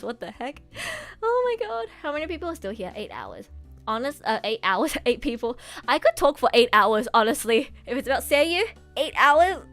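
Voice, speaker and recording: A young woman streamer and voice actress chatting casually and gushing excitedly, laughing often. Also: mid-range voice. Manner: gushing, excitable fan talk with frequent laughs.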